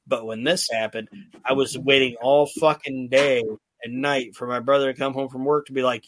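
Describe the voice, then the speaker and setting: A man's voice: medium pitch, fairly even intonation, moderate pace, fairly bright tone, no echo. A male podcast host recapping old wrestling shows in casual, profanity-laced storytelling.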